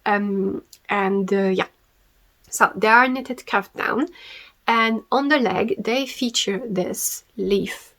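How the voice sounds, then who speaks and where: A young woman hosts a relaxed knitting podcast on her own. Her slightly high voice sounds stuffy and nasal from a cold. She chats along warmly with plenty of ums and little laughs. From France. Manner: chatty and apologetic, laughs often, many ums. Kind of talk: casual solo podcast chat.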